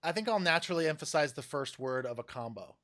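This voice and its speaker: Male podcast host, relaxed storyteller who swears and laughs easily; fairly high voice. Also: fast. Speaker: podcast host, rock singer. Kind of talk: casual chat.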